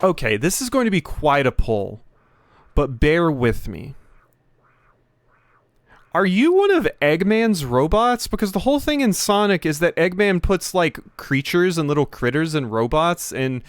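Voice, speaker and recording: A man's voice: on the high side, big pitch swings, measured pace, no echo. A man casually commenting on a video game as its host, rambling and self-deprecating, often stumbling over words. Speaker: let's play host.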